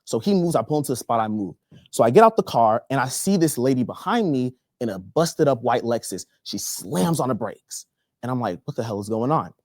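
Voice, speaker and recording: A young male comedian from Texas tells a long story on stage. He delivers it with animated energy and a lot of profanity. His voice sits in a middle range and sounds dry and close, with no echo. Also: mid-range voice, brisk. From Texas, USA. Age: young adult. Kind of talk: stand-up comedy.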